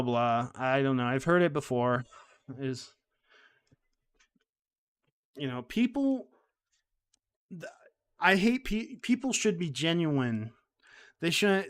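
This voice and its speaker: A man riffs to his stream chat in a loose, rambling way, circling back and restarting his thoughts as he gets heated. His voice sits in an ordinary middle register. It sounds smooth and resonant. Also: medium pitch. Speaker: streamer host. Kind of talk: casual live-stream commentary.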